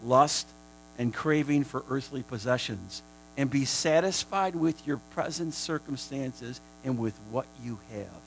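A man preaching a sermon, repeating phrases for emphasis and swinging between a hushed, prayerful murmur and high, shouted declarations. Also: expressive, unhurried, gravelly, slight background noise, rough recording.

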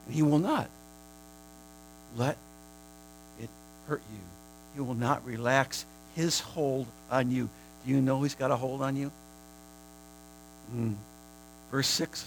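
A man preaching a sermon, repeating phrases for emphasis and swinging between a hushed, prayerful murmur and high, shouted declarations. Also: steady tone, slow pace, vocal fry, pauses often, slight background noise, low-quality recording.

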